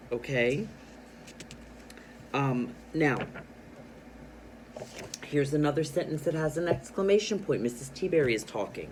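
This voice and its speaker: A man's voice: mid-range voice, a little hiss or hum, poor audio. A man teaching a reading lesson to young children, asking them questions and explaining clues. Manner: animated, speaks directly to young learners with questions.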